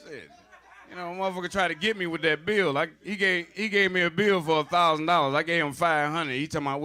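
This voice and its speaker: Brash bright-voiced male stand-up comic. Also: on the high side, steady tone, quick pace. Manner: profane, loose, conversational delivery with asides to the audience; acts out arguing old men in gruff voices. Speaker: stand-up comedian. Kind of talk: stand-up comedy set.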